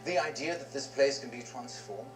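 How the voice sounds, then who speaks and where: An actor playing a proud, stern older male merchant patriarch in a TV drama, speaking solemnly and deliberately. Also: medium pitch, natural voice. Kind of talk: TV drama dialogue. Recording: roomy clip over clear music.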